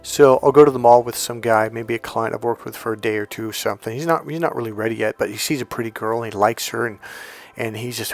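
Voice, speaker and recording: Male dating coach, gravelly tone, emphatic delivery that swings from loud and punchy to slow and hushed. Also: lowish voice, steady tone, faint music behind. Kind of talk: coaching monologue.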